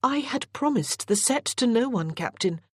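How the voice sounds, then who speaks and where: A narrator voicing a sharp, spirited young noblewoman. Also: mid-range voice, expressive, normal speed, dry recording, clean studio sound, pitched above the performer's own voice, close to an everyday voice. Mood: sharp reproof. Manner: crisp and reproving. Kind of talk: audiobook character voice.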